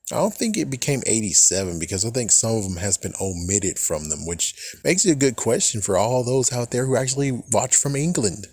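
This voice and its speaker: A young man ranting about books in a casual, rambling way, excitable and swearing often, mocking imagined critics in quick put-on voices. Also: on the low side, slightly rough, dry recording. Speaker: book fan vlogger. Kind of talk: casual rant.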